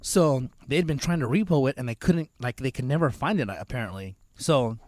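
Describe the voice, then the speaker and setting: A young man on a casual talk show, telling stories in an animated way and acting out the voices of people in them. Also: brisk, no room sound, studio quality. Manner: animated storyteller, acts out quoted voices in higher pitch. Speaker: co-host. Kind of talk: casual chat.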